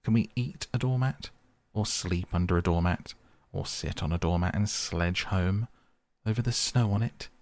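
A man's voice: low voice, normal speed, a little mellow. A man voicing a fussy, stubborn male mole who grumbles and complains in a petulant way.

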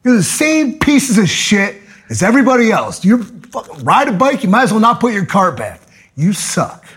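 A man telling a profane, angry comedic story, swearing and bursting into loud outbursts. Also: high voice, big pitch swings, normal speed, breathy edge. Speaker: podcast guest telling a story.

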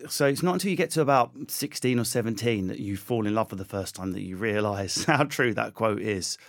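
A comedian with an Essex accent, chatting as a guest. He riffs animatedly and jumps from bit to bit. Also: on the low side. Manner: animated, riffing storyteller. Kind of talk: casual chat.

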